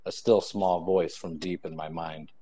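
Young man, student poet, low voice, mellow tone, measured recitation, video call. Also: fairly even intonation. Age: young adult. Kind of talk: poetry reading. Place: home, online event.

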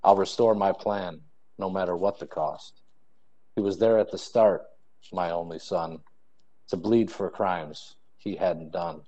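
Young man, student poet, low voice, mellow tone, measured recitation, video call. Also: steady tone. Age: young adult. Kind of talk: poetry reading. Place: home, online event.

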